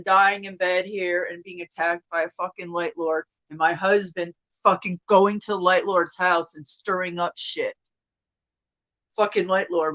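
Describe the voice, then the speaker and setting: Upset woman venting to her viewers, cussing a lot, gets loud then drops low. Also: steady tone, a little slow, rough recording. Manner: profane, agitated rant with swings from loud to hushed. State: upset, emotional. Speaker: vlogger. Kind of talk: angry venting monologue to viewers.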